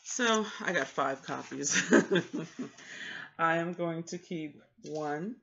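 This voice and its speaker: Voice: medium pitch, animated, very slow, gravelly, fairly bright tone, lo-fi sound, a little hiss or hum. A book vlogger in a casual chat, telling a rambling story about a library trip and acting out what each person said. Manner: chatty, rambling storyteller who acts out what people said.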